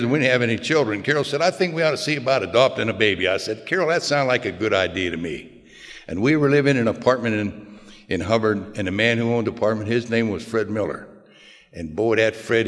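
With lively intonation and a fairly quick delivery, an older man narrates his own story in a homespun, plain way and jokes about himself. His voice is lowish and a bit bright, and the room adds a long hall reverb.

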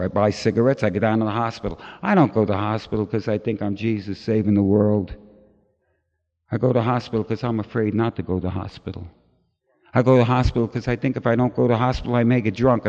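Man telling a lively recovery story. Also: lowish voice, quick pace. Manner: animated storyteller, acts out voices of others. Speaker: recovery meeting speaker. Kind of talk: personal recovery story told to a crowd. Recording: dull lo-fi recording with long hall reverb.

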